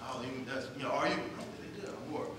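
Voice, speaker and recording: Speaking fast at a medium pitch, a man preaches to a congregation in a church sanctuary, raising questions and answering them himself. There's background noise, and the distant mic leaves the church hall sounding echoey.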